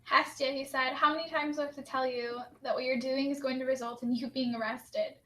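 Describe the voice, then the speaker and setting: A woman's voice: sits high, steady tone, fairly quick, sharp tone. A young woman co-hosting a writing session, cheerfully reading out participants' quotes in casual chat. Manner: cheerful, reads quotes aloud. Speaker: write-in co-host.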